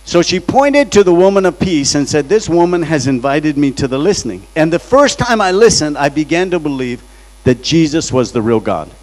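A man's voice: fairly high pitch, lively intonation, moderate pace, rough recording. A man preaching as a guest in church, telling a story dramatically and acting out the voices he quotes. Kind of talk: storytelling sermon. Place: church sanctuary.

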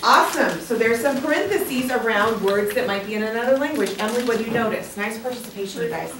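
A woman's voice: on the high side, expressive, fast talker. A woman teacher leading a classroom lesson, encouraging her students and calling on them by name. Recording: echoey classroom, distant mic, background noise.

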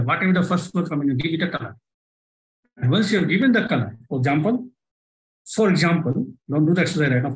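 A man's voice: a little high, poor audio. A man with an Indian English accent leading a live online workshop by video call, coaxing listeners through exercises with lots of repetition. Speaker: workshop trainer.

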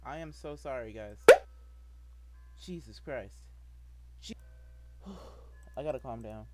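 A man's voice: mid-range voice, expressive, takes it slowly, very noisy. A man giving rambling, jumpy commentary while playing a game, apologizing often. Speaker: gameplay video maker. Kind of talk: gameplay commentary.

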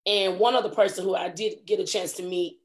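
A middle-aged woman, a comedic actress, telling stories in a casual interview and acting out quotes with lively voice jumps. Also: lowish voice, brisk. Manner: animated, acts out quotes with big voice jumps.

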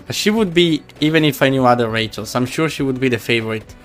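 A man's voice: mid-range voice, quick pace, faint music behind. A man streaming a game live, chatting casually and teasing his viewers in a playful way.

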